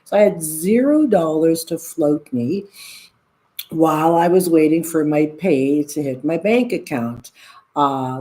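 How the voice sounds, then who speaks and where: A woman's voice: deep voice, warm tone. A woman in her sixties chatting casually to her livestream viewers, rambling and candid, with restarts and the odd frank swear word. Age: 60s. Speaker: vlogger.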